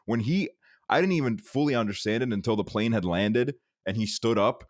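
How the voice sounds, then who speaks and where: A young man with a very deep voice chats on a podcast, relaxed and quick to laugh. His sound is dry and close, with no room around it. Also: no echo. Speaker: podcast co-host. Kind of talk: casual chat.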